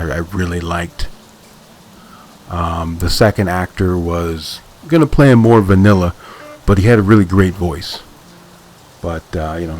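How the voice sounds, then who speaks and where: A man's voice: low voice, darkish tone. A man hosting a podcast, casually breaking down a comic in a thoughtful way, with lots of fillers and restarted phrases. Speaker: podcast host. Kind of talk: casual comic-book analysis.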